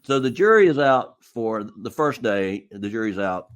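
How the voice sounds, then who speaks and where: Deep-voiced man telling stories. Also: expressive, measured pace. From South Carolina. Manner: rambling, repeats words often. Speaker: defense lawyer guest. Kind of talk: casual storytelling.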